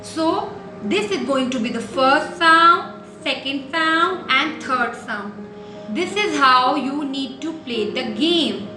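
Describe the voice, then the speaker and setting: Slow, high-voiced nursery teacher. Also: female voice, lively intonation, music in the background. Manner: patient, coaxing, repeats simple instructions. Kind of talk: slow, sing-song teaching to small children. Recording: echoey room.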